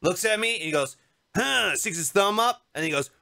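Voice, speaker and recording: A young man co-hosting a podcast, telling a story in a casual, animated, joking way and acting out what people said. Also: sits high, fast, no echo, studio quality. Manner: animated, jokey, acts out quotes. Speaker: podcast co-host.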